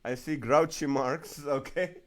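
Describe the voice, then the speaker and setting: A man's voice: a little high, measured pace. A male comedian hosting a casual live stream, reading viewer comments aloud and laughing often. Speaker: comedian host of a live show.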